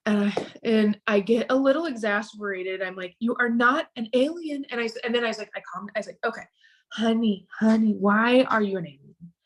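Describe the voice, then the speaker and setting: Middle-aged woman, podcast guest, emotional and halting storytelling full of restarts. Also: mid-range voice, a bit bright. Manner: halting, with frequent restarts and repeated words.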